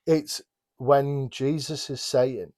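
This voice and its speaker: A man's voice: mid-range voice, steady tone, takes it slowly, a little mellow. A man co-hosting a casual Bible study podcast, rambling and restarting his sentences, often breaking off to add apologetic asides. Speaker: podcast co-host.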